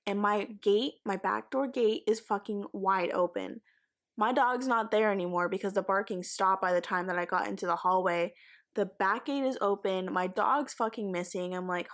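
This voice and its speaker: A woman's voice: medium pitch, steady tone, moderate pace, fairly bright tone. A young woman telling a frightening story from her life on her vlog, casual and emotional, swearing often. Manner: swearing, emotional retelling with fillers. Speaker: vlogger.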